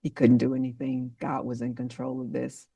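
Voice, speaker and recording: A woman delivers a motivational talk with a preacher's fervor, speaking straight to her listeners and naming them one by one. Her voice carries a gravelly edge. She sits back from the mic in a dry, deadened space. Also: rumbling low, flat delivery, normal speed, dark tone, no room sound, far from the mic. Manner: emotional, preacher-like, calls on listeners by name.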